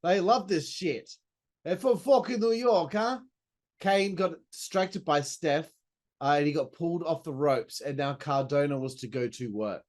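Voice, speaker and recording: Chatty, excitable man recapping. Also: fairly high pitch, a little slow. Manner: chatty and enthusiastic, swears, with asides and laughs. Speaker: podcast host reviewing a wrestling show. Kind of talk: casual recap commentary.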